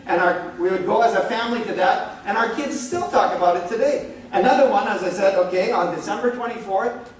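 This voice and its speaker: Brief: middle-aged man, light high voice, animated joking speaker, echoey room from far off. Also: slight background noise. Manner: animated, joking, many "okay?" and "like". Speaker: speaker at a church marriage talk. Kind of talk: relaxed storytelling talk. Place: church hall.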